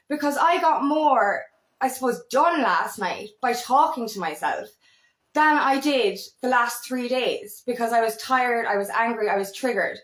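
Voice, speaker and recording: A woman's voice: a little high, lively intonation, measured pace, fairly bright tone. A woman empowerment coach in a casual vlog, rambling earnestly with restarts, repeated words and the odd swear word. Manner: occasional swearing. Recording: echoey room.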